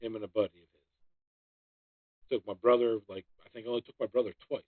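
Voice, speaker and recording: A man's voice: medium pitch, fairly even intonation, normal speed, no room sound. A man chatting casually and animatedly about his father, swearing freely. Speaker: guest. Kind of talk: casual chat. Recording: phone-like dry sound.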